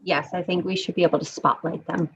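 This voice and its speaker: A woman's voice: lowish voice, steady tone, quick pace, fairly bright tone, husky, dull audio. A woman coordinating a video call, busy and a little apologetic. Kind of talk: casual live video call chat.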